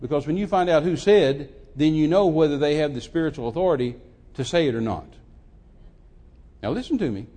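A man in his sixties preaches a sermon, telling a story dramatically as he swings between hushed tones and loud, emphatic delivery. His voice is a little high, animated and fairly quick.

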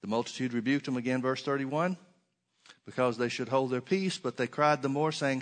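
A man preaching a sermon, reading scripture aloud and swinging between emphatic stresses and soft, quiet asides. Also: mid-range voice, normal speed.

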